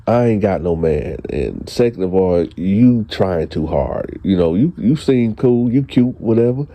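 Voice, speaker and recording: A blunt, dismissive young woman, as a male storyteller quotes her, in his own low, mellow voice. She is matter-of-fact and short with her answers in this casual storytime. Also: animated, unhurried.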